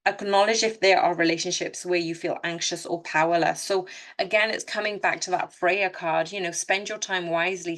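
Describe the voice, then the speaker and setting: A woman's voice: fairly low pitch, fairly bright tone. A woman giving an unscripted tarot reading, speaking earnestly and directly to her listeners, with frequent restarts and self-corrections. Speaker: tarot reader. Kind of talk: casual spoken tarot reading.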